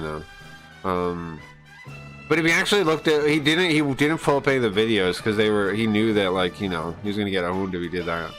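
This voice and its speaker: A man's voice: medium pitch, a bit bright, rough recording. A man on a live stream ranting casually. He swears a lot, sounds aggrieved and rambles with restarts.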